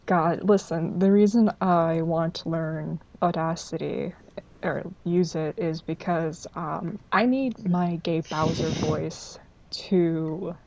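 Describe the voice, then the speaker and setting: A woman's voice: sits low, slow, vocal fry, darkish tone, muffled recording. A woman, a podcast co-host, chatting casually on a call with dry teasing and casual swearing. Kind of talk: casual group chat.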